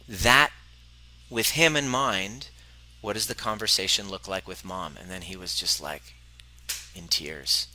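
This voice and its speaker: A man's voice: low voice, a little slow, long pauses, sharp tone. A man hosting a podcast, earnestly telling a coaching story and acting out his client's lines. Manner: earnest, acts out client dialogue. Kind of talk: personal storytelling monologue.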